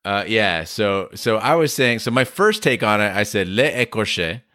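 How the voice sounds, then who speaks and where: A man co-hosting a podcast, talking quickly and emphatically in casual discussion. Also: on the low side, animated, sharp tone, dry recording, studio quality. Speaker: podcast co-host.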